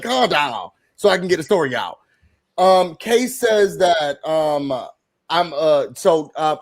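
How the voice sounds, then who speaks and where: A man hosting a live recap panel, retelling a reality show episode in casual, animated chat and acting out quotes from the cast. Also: a little high, poor audio. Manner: animated, quotes cast members in put-on voices.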